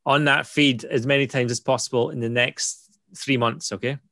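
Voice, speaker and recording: A man's voice: mid-range voice, steady tone, moderate pace, creaky, sharp tone, dry recording, studio quality. A British man hosting a casual chat, upbeat and persuasive, often checking in with "right?". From Britain. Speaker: host.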